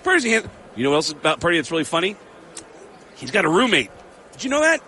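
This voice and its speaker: A man who is a stand-up comedian, telling animated anecdotes and acting out the exchanges he quotes. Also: fairly high pitch. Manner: excitable, quick storyteller who acts out quoted exchanges.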